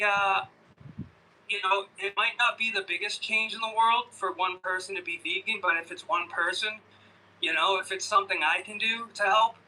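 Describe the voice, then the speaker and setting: Bright-voiced man, rambling caller. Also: high-pitched, slight background noise, rough recording. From Boston, Massachusetts. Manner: rambling, hesitant, profane ranting. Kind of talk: casual call-in chat. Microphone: computer microphone.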